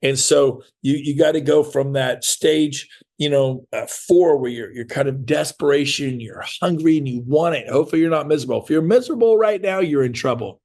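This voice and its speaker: A man, giving an energetic motivational sales talk to an audience, acting out other people's voices in quick asides. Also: mid-range voice, gravelly. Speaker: real estate sales trainer.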